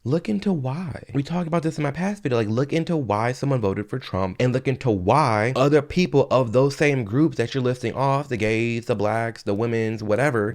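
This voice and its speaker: A commentary vlogger gives heated opinions on his own channel, reacting to clips, arguing his points and firing off rhetorical questions. His voice is mid-range with a darkish tone.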